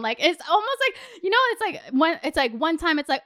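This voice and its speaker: A woman's voice: high-pitched, expressive, fast talker, hardly any pauses, sharp tone. A young woman in her twenties hosting a podcast, telling a story in a chatty way, swearing often and saying "like" a lot. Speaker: podcast host. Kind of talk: casual storytelling.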